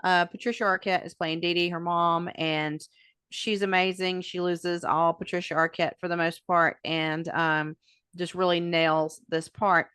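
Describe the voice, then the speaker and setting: A woman's voice: fairly low pitch, little pitch movement, a little slow, a bit bright, clean tone, no room sound, clean studio sound. A woman co-hosting a podcast, chatting casually and thinking aloud with many fillers. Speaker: podcast co-host. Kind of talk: casual chat.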